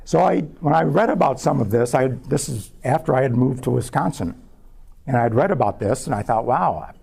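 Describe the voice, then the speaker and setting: A man, a scientist, giving a public talk as a measured personal story about his research. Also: medium pitch, expressive, vocal fry, darkish tone, breathy edge. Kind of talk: lecture told as a personal story.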